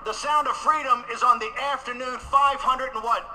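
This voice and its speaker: A man giving a combative political rally speech at a conference, repeating phrases for emphasis and rising to shouts. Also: very high voice, fairly even intonation, moderate pace, slight background noise, rough recording. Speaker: conference speaker.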